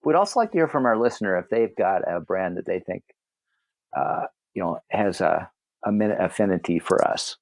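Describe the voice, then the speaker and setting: A man's voice: low voice, lively intonation, normal speed, creaky, no echo. A man co-hosting a casual podcast, joking around and laughing often with his friends. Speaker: podcast co-host. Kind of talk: casual banter among friends.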